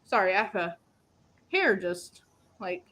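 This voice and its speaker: A woman's voice: medium pitch, sing-song, unhurried, sharp tone. A woman doing psychic card readings on a live stream, chatty and full of ums, calling viewers "my love".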